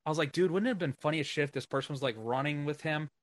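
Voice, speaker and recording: A man's voice: fairly high pitch, very fast, dry recording. A man hosting a podcast, chatting loosely, swearing and laughing as he recalls a story. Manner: rambling, swears freely, laughs a lot. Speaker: podcast host. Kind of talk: casual chat.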